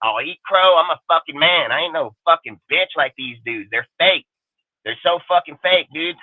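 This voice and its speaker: A man rants defiantly on his own fan livestream, swearing constantly and daring critics to leave. His voice sits on the high side for a man. The sound is dry and squeezed thin, like a phone call. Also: lively intonation, moderate pace, no room sound. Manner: angry, profane and defiant. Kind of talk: profane ranting livestream talk.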